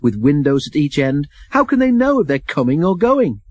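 A man's voice: medium pitch, moderate pace, darkish tone, slightly rough, dry recording, lightly acted. A man voicing a conceited male steam engine in a storybook reading, speaking scornfully and grumbling.

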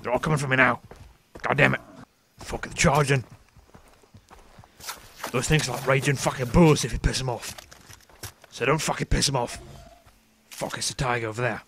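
A man giving comedic in-character commentary over a video game, swearing constantly and breaking into sudden excited outbursts. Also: medium pitch, moderate pace, gravelly, long pauses, slight background noise. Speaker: gameplay commentator.

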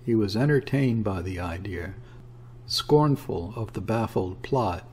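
A man reading a classic story aloud as an audiobook narrator, in a measured way. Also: fairly low pitch, animated, a little mellow, slight background noise.

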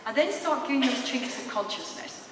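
Woman psychologist, engaging expo talk, higher voice, heavy hall echo, far from mic. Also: normal speed. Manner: lively, engaging, asks the audience questions. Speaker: psychologist and speaker. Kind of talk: public presentation. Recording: echoey hall, distant mic, faint noise.

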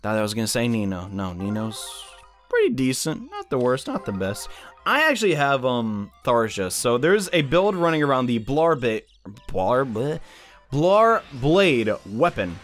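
A young man hosting casual gaming commentary, excitable and chatty, with frequent exclamations. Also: medium pitch, measured pace, soft background music. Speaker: YouTube gaming host.

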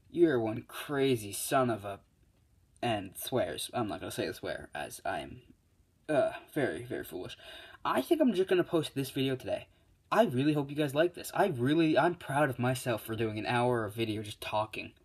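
A man talks through a fan-made story in a loose, off-the-cuff way, like a YouTuber chatting to his viewers. He rambles, piles on fillers and keeps correcting himself mid-sentence. His voice sits at an ordinary middle pitch for a man. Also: very animated, fairly quick, slightly rough.

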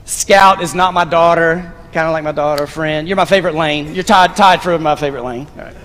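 A man preaching a sermon from a church stage, animated and playful as he directs volunteers through a scene. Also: fairly high pitch, fairly quick. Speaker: pastor. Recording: long reverb of a large sanctuary.

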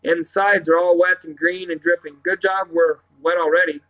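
A man reading aloud, voicing an eager, excited young boy, the youngest of three siblings. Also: sits high, normal speed, poor audio. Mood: critical. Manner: eager, indignant, persuasive.

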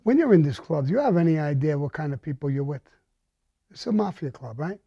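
A man's voice: on the high side, sing-song, a little fast, creaky, slightly rough, dry recording, lo-fi sound. A man bluntly recounting a violent crime story, swearing often and speaking with menace.

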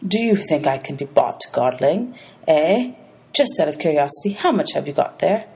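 A woman's voice: sits low, big pitch swings, moderate pace, darkish tone, husky, exaggerated voice. A woman reading aloud, voicing a greedy ancient male ferryman of the dead who grumbles and haggles. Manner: grumbling, sly, money-hungry.

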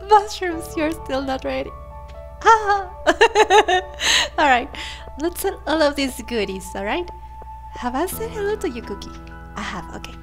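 A woman's voice: sits high, very animated, measured pace. A woman hosting a let's play, chatting casually and giggling and gushing as she comments on the game. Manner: giggly and gushing, laughs often. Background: faint game music.

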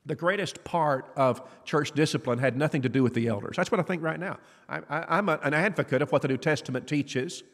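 Man preaching, earnest and conversational, rhetorical questions, long church-hall reverb. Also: a little high. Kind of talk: sermon. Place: church auditorium.

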